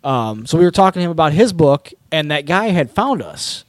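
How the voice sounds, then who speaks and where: A man's voice: fairly high pitch, big pitch swings, brisk, dry recording, clean studio sound. A man co-hosting a podcast, telling a long story in a rambling, profane way. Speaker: podcast co-host. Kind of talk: casual podcast chat.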